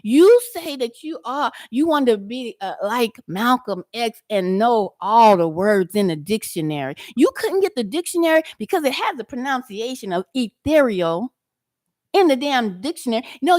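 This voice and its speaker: Her voice sits on the high side, slightly mellow, with large pitch swings and a moderate pace, captured as clean studio sound without any room tone. A YouTube commentator reacting to a man, she addresses him directly in a combative, mocking drawl, repeating words for weight.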